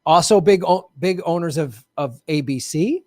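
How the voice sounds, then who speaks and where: A man's voice: fairly high pitch, normal speed, dry recording, clean studio sound. A man hosting an online political commentary show, talking bluntly and sarcastically and swearing often. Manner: sarcastic and animated.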